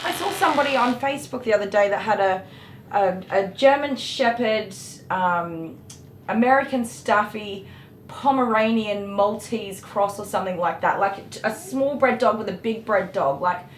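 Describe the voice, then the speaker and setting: A woman's voice: mid-range voice, animated, normal speed. Woman groomer, passionate and ranting. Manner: passionate, ranting, swears mildly. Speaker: dog groomer. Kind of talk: casual chat while grooming on a live stream. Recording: echoey room with electric clipper noise.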